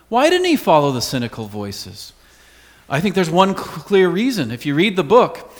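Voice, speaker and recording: High-pitched guy preaching, earnest, goes quiet on key words, big church reverb. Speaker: pastor. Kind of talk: sermon.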